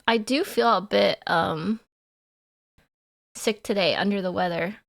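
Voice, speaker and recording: A woman's voice: mid-range voice, measured pace, gravelly. A woman livestreamer chatting casually with her chat in a playful, giggly way.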